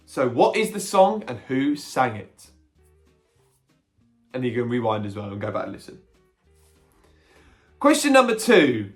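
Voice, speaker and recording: A man's voice: mid-range voice, sing-song, unhurried, pauses often, soft background music. A young man hosting a casual pub-style quiz, chatty and self-mocking, with a giggly manner. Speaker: quiz host.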